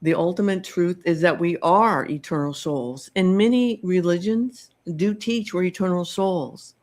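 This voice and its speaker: A middle-aged woman hosting a podcast, telling a personal story in a slow, reflective way with many pauses and ums. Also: fairly low pitch, a little mellow. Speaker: podcast host telling her own story.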